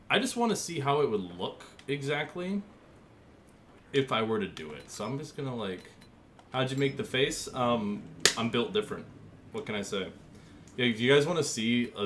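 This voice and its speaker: Young guy streaming, goofy and jokey, lowish voice that bounces all over, faint room hum. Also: expressive, normal speed, long pauses, fairly bright tone. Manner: goofy, joking, easily amused, talks to chat. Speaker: gaming streamer. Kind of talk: casual livestream chat while designing a paint scheme.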